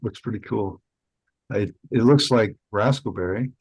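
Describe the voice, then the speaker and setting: A man's voice: on the low side, unhurried, breathy edge, no echo, poor audio. A man chatting casually about his growing, laid-back and rambling with fillers. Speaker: home cannabis grower guest. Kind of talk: casual group chat.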